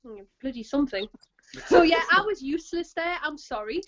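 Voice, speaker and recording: A woman's voice: high-pitched, animated, a little fast, fairly bright tone, muffled recording. A woman with a northeast English accent, co-hosting a podcast in chatty, self-mocking video-call talk. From northeast England. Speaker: podcast co-host. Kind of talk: casual video-call chat.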